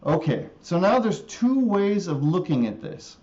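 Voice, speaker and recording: A man teaching guitar music theory in a live stream, slowly repeating a scale formula and often checking in with an "okay?". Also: high voice, very animated, darkish tone, muffled recording. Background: guitar playing.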